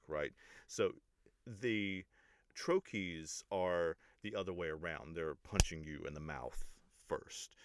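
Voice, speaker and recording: Casual English teacher, male, very low voice, rambling but pedantic explainer. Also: no room sound, clean studio sound. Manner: pedantic but relaxed, many ums and restarts. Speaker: English teacher and music reaction host.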